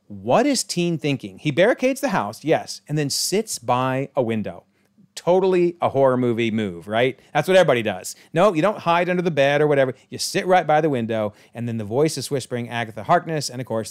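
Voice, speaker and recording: A man chatting through a TV episode recap with enthusiasm, stopping now and then to correct himself. He sits at a mid pitch with a lively, animated swing to his intonation. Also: a little fast. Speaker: YouTube show recapper. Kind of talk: casual episode breakdown commentary.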